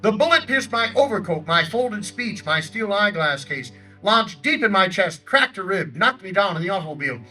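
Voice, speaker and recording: A man's voice: very animated, moderate pace, few pauses, bright, forceful tone, far from the mic, soft background music, exaggerated voice, rough recording. A man playing an older Theodore Roosevelt, giving a declamatory outdoor stump speech in character in a park by a lake. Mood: rousing. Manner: booming, declamatory oratory. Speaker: historical reenactor.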